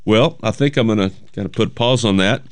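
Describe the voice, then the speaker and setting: A man's voice: on the low side, a little fast, clean tone, dry recording. A man hosting a radio music show, chatting loosely between songs and reading notes aloud. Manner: rambling, chatty, self-correcting. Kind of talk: casual radio chat. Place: radio studio. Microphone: studio mic.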